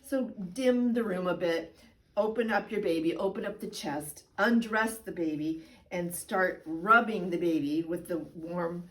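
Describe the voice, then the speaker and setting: A woman midwife giving a chatty, playful instructional demonstration, sometimes dropping into high sing-song baby talk. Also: unhurried, fairly bright tone, distant mic, rough recording. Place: indoor room. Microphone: camera mic.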